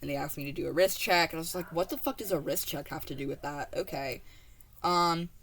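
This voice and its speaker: Teen girl, slightly low voice, casual storytime vlog, rambling and foul-mouthed. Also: brisk, a bit bright. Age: teens. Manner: profane, rambling, full of fillers and asides. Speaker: vlogger telling a story.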